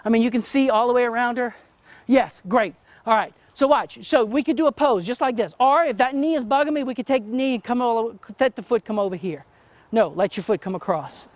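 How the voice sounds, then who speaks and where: A man's voice: very high-pitched, fairly quick, no echo. A middle-aged man teaching photography while he works, talking casually and often checking in with "okay?". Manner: chatty, keeps asking "okay?". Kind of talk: hands-on teaching demo. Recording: dull, muffled sound.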